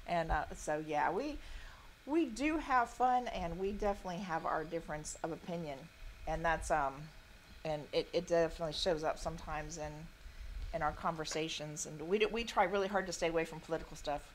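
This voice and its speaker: A woman's voice: sits low, brisk, a little hiss or hum. A middle-aged woman, chatting casually and laughing often as host of a quilting livestream, drifting off topic.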